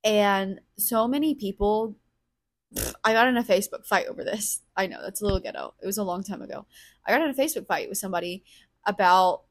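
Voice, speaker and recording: A woman talks alone on her podcast in a raw, unfiltered way, swearing freely. Her voice sits at an everyday middle pitch. She keeps turning her thoughts over out loud, half talking to herself. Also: brisk. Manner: blunt, profane, emotionally raw; self-reflective, thinking aloud. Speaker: podcast host. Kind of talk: candid solo podcast monologue.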